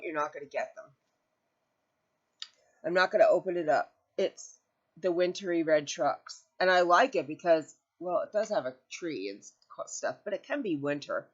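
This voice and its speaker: A woman's voice: on the low side, muffled recording. A woman hosting a crochet channel, chatting casually from home, rambling and correcting herself, near tears at times. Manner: rambling, self-correcting storyteller. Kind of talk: casual chat to camera.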